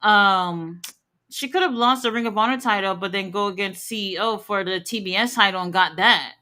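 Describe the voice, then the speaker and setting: Blunt, bright-voiced woman hosting a watch-along. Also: medium pitch, normal speed. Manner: opinionated, blunt, swears casually. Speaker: wrestling watch-along host. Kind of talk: casual live chat, reading chat messages.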